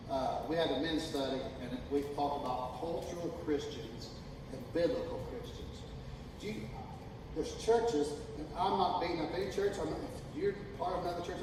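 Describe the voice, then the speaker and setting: A man preaching a sermon as pastor, folksy and emphatic, building from calm talk to loud, drawn-out shouting. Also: on the high side. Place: church sanctuary. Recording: echoey hall, distant mic, noisy.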